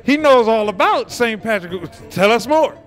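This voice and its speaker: A man's voice: very high-pitched, lively intonation, moderate pace, fairly bright tone, faint music behind. A man hosting a man-on-the-street interview, joking and teasing the people he stops outdoors.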